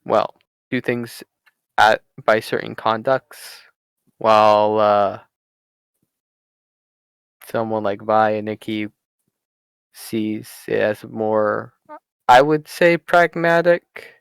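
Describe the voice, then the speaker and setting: A man narrating as game master in a tabletop game over voice chat, halting and full of fillers. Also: lowish voice, vocal fry, smooth, no room sound. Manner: halting, many fillers and restarts.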